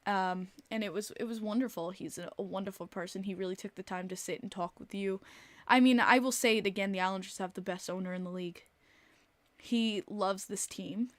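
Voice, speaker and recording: A woman's voice: medium pitch, steady tone, fairly quick, no room sound. A woman hosting a casual live-stream podcast, talking bluntly and swearing freely while reading chat aloud. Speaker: podcast host.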